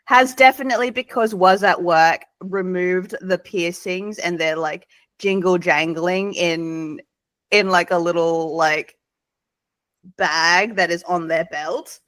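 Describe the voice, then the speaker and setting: Woman player rambling about her character, real slow, lowish voice, lots of likes. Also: a bit bright, dry recording. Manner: meandering, full of likes and ums. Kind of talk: casual chat describing a character.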